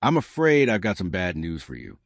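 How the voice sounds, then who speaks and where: A man voicing a calm, deadpan female secretary, speaking slowly. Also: low-pitched, no echo, studio quality, full character voice.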